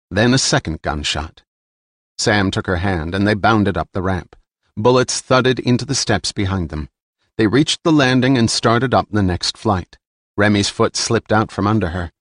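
A man reading an action novel aloud in steady, measured scripted narration. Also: fairly low pitch, no room sound, clean studio sound. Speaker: audiobook narrator.

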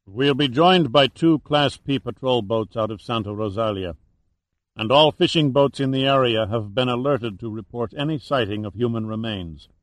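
A man voicing a calm, commanding male patrol ship captain in an audiobook, speaking in a measured, matter-of-fact way. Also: medium pitch, dry recording, lightly acted.

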